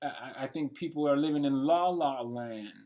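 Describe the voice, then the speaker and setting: A man's voice: mid-range voice, moderate pace, narrow, tinny audio. A man in his late twenties giving a blunt, profane and rambling monologue for his vlog. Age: late 20s. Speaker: vlogger. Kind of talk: unscripted rant monologue.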